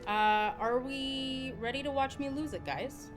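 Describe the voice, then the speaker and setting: Chatty woman streaming a game. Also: high-pitched. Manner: chatty, expressive, quick to laugh and exclaim. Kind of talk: live game stream chat, reading chat aloud. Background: game music.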